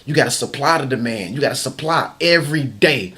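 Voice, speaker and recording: A man's voice: mid-range voice, expressive, fairly quick, sharp tone, breathy edge. A man giving a casual, slangy motivational talk as a vlog host, hammering phrases again and again and often restarting sentences. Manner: emphatic and repetitive, hammering phrases over and over. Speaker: motivational vlogger.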